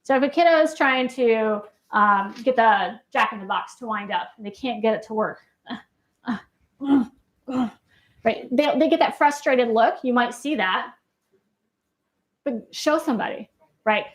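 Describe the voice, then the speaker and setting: A woman clinician with a higher-side voice lectures live at a university, moving at a measured pace and pausing often. Her style is chatty, peppered with audience questions and "right?" tags.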